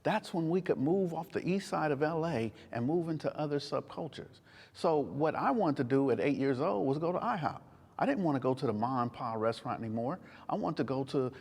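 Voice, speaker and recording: A man's voice: on the high side, expressive, moderate pace, a little mellow, husky, big-room sound. A man in his sixties explaining his views through a personal story in a podcast-style conversation. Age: 60s. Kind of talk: reflective conversation.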